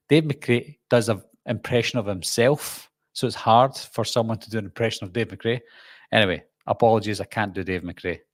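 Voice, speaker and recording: A Scottish man chats casually through a live-stream Q&A, rambling and poking fun at himself. His voice sits fairly low and is recorded close and dry at a home desk mic. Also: vocal fry, no room sound. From Scotland. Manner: rambling, self-deprecating, chatty. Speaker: horror channel host.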